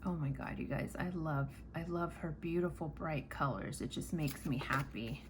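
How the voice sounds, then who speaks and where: Chatty woman vlogger, lower voice, rambling and animated story, a little room noise behind. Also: normal speed. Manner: rambling, animated, casual swearing. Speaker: planner vlogger. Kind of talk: chatty storytelling while crafting.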